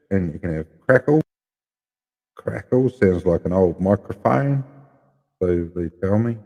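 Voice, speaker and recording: A man's voice: low-pitched, muffled recording. A man with a New Zealand accent chatting casually to viewers, rambling and blunt as he talks about his gear. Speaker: live streamer.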